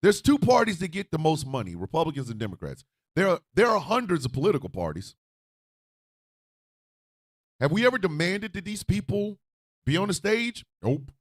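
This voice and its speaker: A man hosting a radio talk show, ranting loudly and profanely, swinging from shouts to low mutters. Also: huge pitch swings, normal speed, long pauses, no echo, clean studio sound. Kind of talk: animated political rant.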